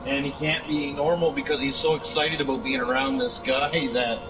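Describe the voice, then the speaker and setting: A man's voice: a little high, animated, normal speed, recorded from a distance, noisy background. A man hosting a podcast in casual chat, rambling with many restarts and fillers. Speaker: podcast host. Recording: loud music playing over the talk.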